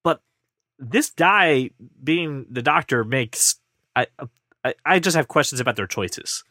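A male podcast host in casual chat, opinionated and jokey. His pitch swoops around a lot, and his tone is bright and forward. The sound is close and dry. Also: lively intonation, a little slow, no echo.

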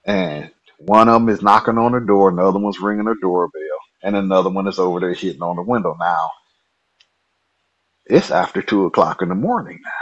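A man guest telling a personal story in a lively, colloquial way. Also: low voice, muffled recording.

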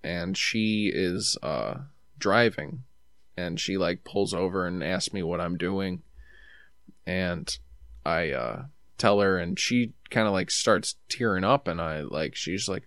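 A man's voice: on the low side, normal speed, vocal fry, no room sound, studio quality. A man telling a long travel story in a rambling, laid-back way, acting out what people said to him. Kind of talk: casual storytelling.

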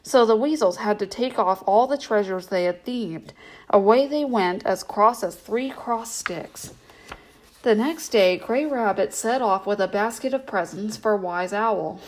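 Storyteller: a woman with a gentle, even bedtime reading voice. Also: medium pitch, unhurried, rough recording.

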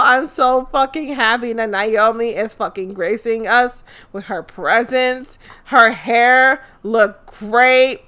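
A young woman talks through a wrestling event in a loose, profane, animated way. Her voice sits a little high and sounds bright and forward. She is blunt and quick with opinions. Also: clear, resonant tone. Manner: animated, blunt, swears often. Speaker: wrestling recap vlogger. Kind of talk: casual profane recap. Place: her apartment.

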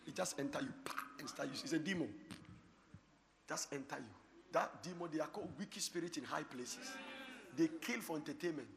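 A man preaching a sermon, moving from hushed storytelling to shouted exhortation and laughing often. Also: a little high, a little fast, creaky, big-room sound, crowd noise. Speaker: pastor.

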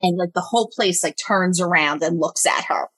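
A woman telling a story in casual chat, animated, swearing freely and laughing as she goes. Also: fairly low pitch, normal speed, slightly rough, dry recording.

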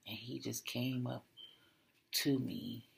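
A podcast host tells a personal story in an unhurried, gravelly voice. The delivery is reflective and often sinks to a whisper. Words repeat and restart as the speaker works through the memory. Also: medium pitch, steady tone.

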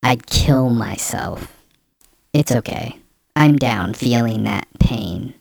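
A man voicing a bitter young man sulking over a breakup, reading slowly and flatly through a voice changer effect. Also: medium pitch, vocal fry, husky, dry recording, clean studio sound, voice pushed up, exaggerated voice. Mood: sullen, bitter. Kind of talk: mock dramatic reading of a post.

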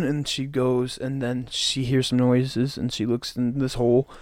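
A man's voice: mid-range voice, flat delivery, moderate pace, few pauses, a bit bright, dry recording. A young man on a podcast, retelling a story in a rambling, casual way with many "like"s. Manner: rambling retelling, heavy use of "like". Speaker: podcast co-host.

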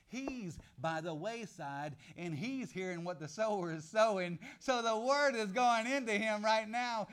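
A middle-aged man preaching a sermon in an animated, joking way, moving from quiet asides to loud outbursts. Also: sits high, clean tone.

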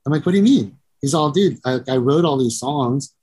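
A man's voice: mid-range voice, expressive, brisk, darkish tone, husky. A middle-aged man, a musician and producer, telling long profane stories and acting out the people in them. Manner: rambling and profane, acts out voices, keeps saying "you know". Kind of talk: casual storytelling interview.

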